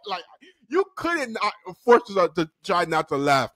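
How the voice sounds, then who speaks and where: Animated young man with a Miami accent. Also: high voice, brisk, no echo, studio quality. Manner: animated, laughs often, slangy. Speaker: storytime vlogger. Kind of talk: casual storytelling vlog.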